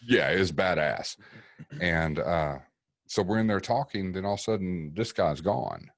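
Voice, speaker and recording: A paranormal investigator from East Tennessee appears as a podcast guest, telling a story in a relaxed, profane, vivid way and acting out what other people said. His voice is extremely deep, and he sits close to a dry mic with no room sound or echo, speaking at normal speed.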